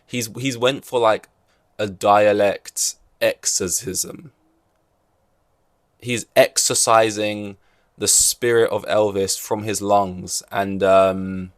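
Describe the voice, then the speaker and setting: A man's voice: on the low side, fairly even intonation, takes it slowly, pauses often, no room sound, studio quality. A man hosting a solo podcast, rambling and joking through casual chat with many fillers and restarts. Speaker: podcast host.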